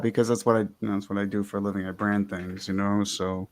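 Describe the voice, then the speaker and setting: A man in his thirties co-hosting a podcast, talking in a halting way as he searches for words in a heartfelt, casual conversation. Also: lowish voice, level tone, darkish tone. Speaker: podcast co-host.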